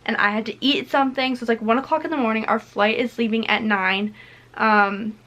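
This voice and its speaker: A woman's voice: on the high side, fairly even intonation, brisk, a bit bright. A teenage girl telling a storytime vlog into her camera, chatty and full of "like" and "literally.". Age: teens. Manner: chatty, filler-heavy retelling with frequent "like" and "literally". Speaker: vlogger. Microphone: camera mic.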